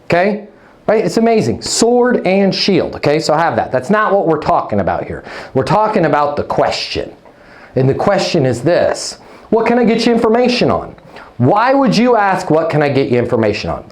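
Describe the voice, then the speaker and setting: This leasing trainer leads a live online session with a fairly high-pitched voice. He keeps things energetic and punchy, tossing in "okay? right?" and cheering on his audience with playful nicknames.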